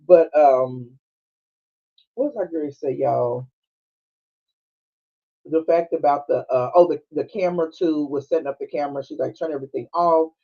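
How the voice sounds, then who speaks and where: High voiced guy recapping a movie in aave, laughing, doing everybody's lines, kinda muffled audio. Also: normal speed, long pauses. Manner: animated storytelling with frequent laughing and quoted voices. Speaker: podcast host. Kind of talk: casual movie recap chat. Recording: dull lo-fi streaming audio.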